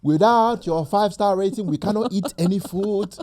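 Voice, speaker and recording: A man's voice: high voice, moderate pace, darkish tone, pitched above the performer's own voice, close to an everyday voice. A man putting on a pleading Nigerian accent. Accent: put-on Nigerian. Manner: pleading, theatrical.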